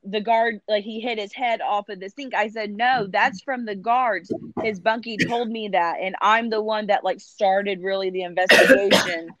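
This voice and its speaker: A woman's voice: mid-range voice, steady tone, normal speed, fairly bright tone, highs cut off. A woman, a client in a reading session, plainly recounting events in detail.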